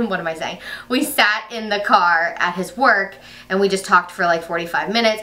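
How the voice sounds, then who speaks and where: A young woman talks through a personal story on her vlog, chatty and loose, filling it with "like" and quoted asides. Her voice sits a little low but sounds bright and forward. The mic is set a short way off. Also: distant mic. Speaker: vlogger.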